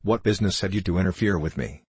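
A man's voice: sits low, fast, breathy edge, no room sound. A man reading the lines of a spiteful, cowardly boy bully in an audiobook, with a taunting, whiny manner. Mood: furious.

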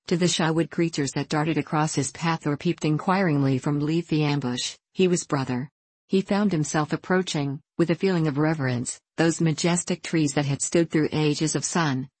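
A woman narrating an audiobook in a calm, measured reading voice. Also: low-pitched, breathy edge, no room sound.

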